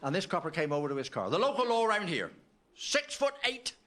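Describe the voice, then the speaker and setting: A man's voice: high voice, big pitch swings, a little fast, noisy background. A man doing stand-up, telling a chatty anecdote. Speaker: stand-up comedian.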